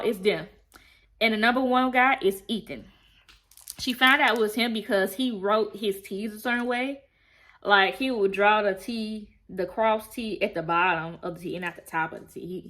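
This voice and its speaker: Chatty woman recapping a show. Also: medium pitch. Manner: chatty, animated, slangy storytelling. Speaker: TV show reviewer. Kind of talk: casual episode recap.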